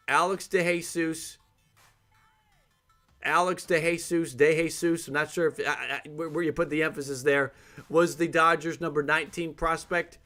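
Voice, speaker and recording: A man hosting a live sports reaction stream, thinking aloud and getting excited as he reads out breaking news updates. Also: fairly high pitch.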